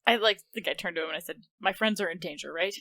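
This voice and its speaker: Woman tabletop player, lowish voice, quick questions, dry sound. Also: sharp tone, no room sound. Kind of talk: tabletop role-play.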